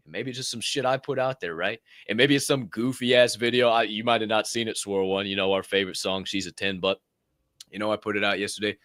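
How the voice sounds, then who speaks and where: A man hosting a live podcast, chatting in a profane, animated way. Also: on the low side, fast, no room sound, studio quality. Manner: profane, animated, acts out quoted voices. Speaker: podcast host. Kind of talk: casual live-show chat.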